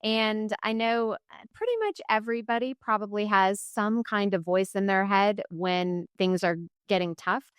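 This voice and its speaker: A woman in her forties, a running coach, talking casually as an interview guest, lively and laughing often. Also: mid-range voice, moderate pace, smooth, no room sound, clean studio sound. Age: 40s. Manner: lively, laughs often, acts out quoted voices.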